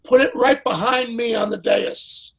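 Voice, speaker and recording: A man's voice: extremely high pitch, measured pace, vocal fry, a bit bright, pitched above the performer's own voice, heavily acted. A man doing a bossy old showbiz boss. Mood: commanding. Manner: snappy orders, raised and emphatic. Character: commanding older male showbiz host, brisk and bossy.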